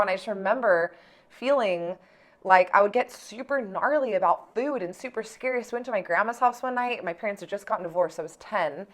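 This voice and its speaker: A young adult woman talking straight to her viewers in a loose, personal vlog. She leans constantly on "like" and drops curse words without a second thought. Her tone is casual storytelling, middle-pitched and conversational. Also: brisk. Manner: chatty, heavy use of "like", swears freely. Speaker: vlogger.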